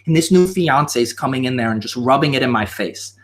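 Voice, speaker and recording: A man's voice: medium pitch, lively intonation, brisk, few pauses. A man guesting on a live stream, talking in a theatrical, mock-emotional, rambling comedic way.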